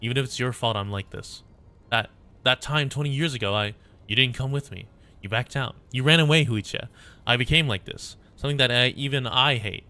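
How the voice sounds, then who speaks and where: A man voicing a cold, vengeful woman warlord with fire powers, reading her lines slowly and bitterly. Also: mid-range voice, pushed and bright. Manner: slow, menacing and bitter.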